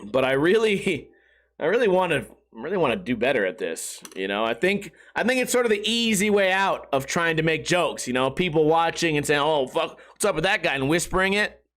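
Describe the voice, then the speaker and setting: A man's voice: on the high side, very animated, a little fast, fairly bright tone. A man hosting a podcast, talking in a profane, rambling, self-mocking way. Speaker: podcast host. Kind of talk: casual podcast monologue.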